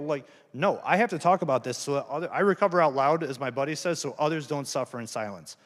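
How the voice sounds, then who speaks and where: A man with a slightly high voice talks fast with hardly any pauses, his words echoing in a hall. Speaking at a campus event, he gives a candid, earnest personal testimony about recovery, plain-spoken and self-deprecating.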